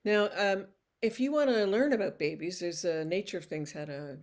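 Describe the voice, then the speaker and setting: A woman's voice: medium pitch, normal speed, darkish tone. An older woman giving a recorded lecture in a casual, conversational way, often restarting phrases and slipping in "you know.". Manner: acts out toddlers' voices when quoting them.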